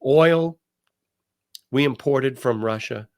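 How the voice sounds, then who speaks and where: An older man hosting a talk show, telling stories and giving commentary in an emphatic, animated way. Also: medium pitch, slow pace. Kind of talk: casual commentary.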